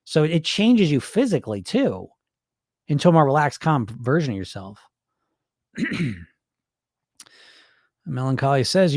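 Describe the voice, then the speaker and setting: A man's voice: medium pitch, dry recording, studio quality. A middle-aged man, a weight loss coach, talking casually and bluntly to his viewers and swearing freely. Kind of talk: casual direct-to-camera talk.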